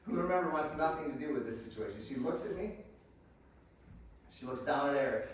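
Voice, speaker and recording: A male pastor with a slightly high voice tells humorous stories from the pulpit and keeps turning to his congregation as friends. The sound is distant and heavily echoey, with a faint hum of room noise behind him. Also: a little fast. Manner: lively, humorous storyteller who calls the congregation friends. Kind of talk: storytelling sermon. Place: church hall. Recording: echoey hall, distant mic.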